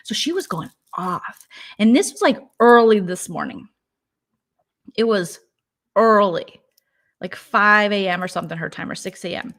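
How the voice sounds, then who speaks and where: A woman's voice: medium pitch, lively intonation, a little slow, pauses often, a bit bright. A young adult woman hosting a casual vlog, chatting in an exasperated way with lots of fillers. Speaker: vlogger host. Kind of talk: casual gossip chat.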